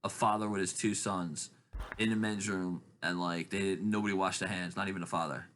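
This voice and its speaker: A man telling long rambling stories in casual chat, acting out other people's lines in high voices. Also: steady tone, brisk, noisy background. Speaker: podcast host.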